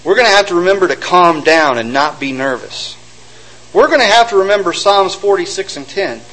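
A man with a high, lively voice preaches a sermon, retelling old stories and slipping into the voices of the people in them. His pitch jumps around a lot as he drives each point home. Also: brisk, rough recording. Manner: animated storytelling, acting out quotes.

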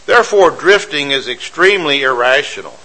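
A man's voice: a little high, expressive, brisk, pushed and bright, low-quality recording. A man preaching a sermon, emphatic and repetitive, building lists of phrases and asking rhetorical questions.

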